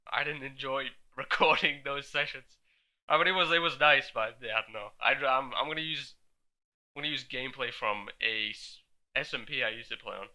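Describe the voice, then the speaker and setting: A man's voice: mid-range voice, pushed and bright, low-quality recording. A teenage boy who is sick, rambling and swearing in a frustrated casual rant on a borrowed cheap microphone. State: sick with a virus. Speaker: gaming commentary vlogger. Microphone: borrowed low-quality microphone.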